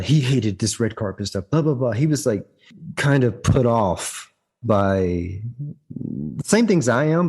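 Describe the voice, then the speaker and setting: A man's voice: fairly low pitch, warm tone, slightly rough. A man, a guest actor, telling his story in conversation, restarting his sentences often and turning emphatic and heated. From United States. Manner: frequent restarts and repeated words; emphatic, heated when recounting conflict.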